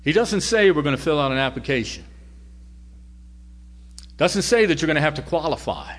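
A man preaching a sermon, telling a story in a conversational way and moving between loud lines and near-whispers. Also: a little high, lively intonation, normal speed.

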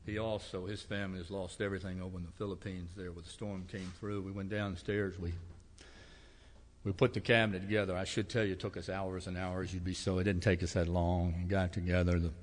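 A man preaching in a church, telling homespun stories with gentle humor. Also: deep voice, little pitch movement, a little fast, long reverb tail. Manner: folksy storytelling with humor. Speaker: pastor. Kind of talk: sermon. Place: church sanctuary.

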